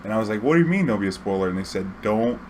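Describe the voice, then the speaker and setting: A man's voice: on the low side, animated, rapid-fire, a little mellow, slight background noise. A young man casually telling a story to his viewers, rambling and profane, full of fillers and acted-out quotes. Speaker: YouTube storyteller.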